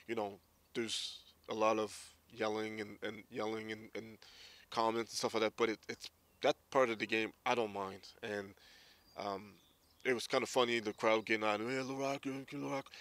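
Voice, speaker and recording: A man's voice: on the low side, a bit bright. A man around forty, a former hockey player, candidly recounting his memories in an interview. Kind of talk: casual interview storytelling.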